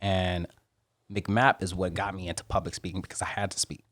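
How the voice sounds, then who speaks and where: A man, a Marine, telling stories as a guest on a podcast interview in an animated way. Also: low voice, dry recording, clean studio sound. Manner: animated, rapid storytelling.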